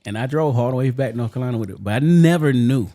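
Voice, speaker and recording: A man's voice: mid-range voice, racing, mellow. A man co-hosting a podcast, telling a story in a laid-back, slangy way and laughing along. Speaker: podcast co-host. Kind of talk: casual chat and storytelling.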